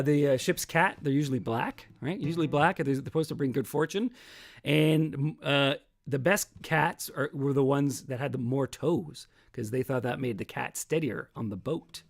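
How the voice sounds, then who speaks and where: A man's voice: mid-range voice, creaky. A man hosting his own livestream as a singer-songwriter, chatting casually between songs in a rambling, self-mocking way that often trails off.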